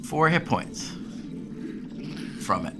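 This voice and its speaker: A man's voice: mid-range voice, very animated, slow pace. A man running a tabletop game as game master, narrating unhurriedly with many ums. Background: background music.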